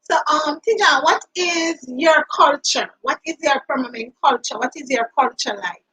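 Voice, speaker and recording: A woman's voice: high voice, moderate pace, bright, forceful tone, poor audio. A woman with a Jamaican accent hosting a livestream, welcoming and thanking her viewers. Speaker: livestream host. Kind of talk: casual chat.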